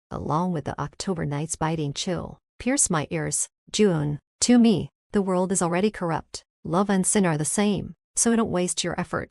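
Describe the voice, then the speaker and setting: A woman narrating a first-person romance story, in a steady, measured way. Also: lowish voice, no room sound, studio quality.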